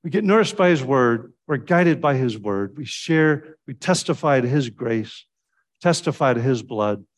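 A man preaches a sermon with a mid-range voice, talking in a loose, conversational way. He leaps upward in pitch when he acts out what people said, then drops back low and soft. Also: measured pace. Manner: animated storytelling with sudden pitch jumps when quoting; fillers and restarts, conversational preaching.

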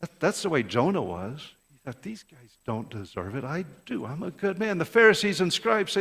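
In a church sanctuary, a male pastor with a highish, fairly bright, breathy voice full of vocal fry delivers a fervent sermon at normal speed with few pauses. His pitch swings widely as he repeats words and asks rhetorical questions, all echoing in a long, large-hall reverb.

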